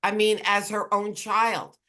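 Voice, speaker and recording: An audience member at a book talk offers thoughts in a measured, reflective way. The voice sits at a middling pitch, and words get repeated for emphasis. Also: little pitch movement, bright, forceful tone. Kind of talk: casual discussion comment.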